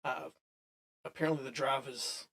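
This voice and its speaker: A man's voice: mid-range voice, moderate pace, a bit bright. A man running a tabletop role-playing session as game master, narrating in a loose, chatty way with frequent restarts and laughs.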